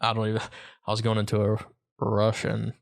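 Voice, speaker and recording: Male podcast co-host, lowish voice, relaxed and jokey in casual chat. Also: brisk, gravelly.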